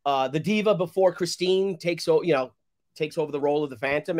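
A man in his fifties, a guest on a casual live talk show, telling animated stories and laughing easily. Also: a little high, fast talker. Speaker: guest comic creator.

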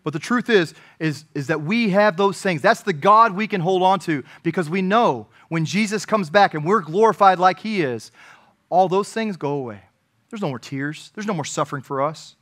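A man preaching a sermon as pastor, earnest, swinging from emphatic peaks to quiet, personal asides. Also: high-pitched, moderate pace.

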